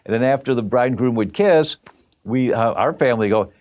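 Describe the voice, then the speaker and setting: A man's voice: medium pitch, a little fast. A man talking as an interview guest, telling a story and acting out the other voices in it. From half Italian family. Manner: animated, acts out quoted voices. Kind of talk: conversational storytelling.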